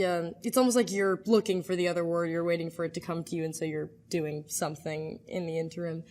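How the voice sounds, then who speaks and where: A woman explaining accent tips casually, hedging often and filling pauses with "like.". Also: mid-range voice, fairly even intonation. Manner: chatty, hedging with "like" and "I feel like". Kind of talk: casual explanation from a video segment.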